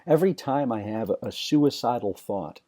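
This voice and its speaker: Male motivational speaker, dark mellow timbre, raw and profane, halting delivery. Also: medium pitch, animated. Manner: raw, blunt, swears freely, halting restarts. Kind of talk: personal motivational talk.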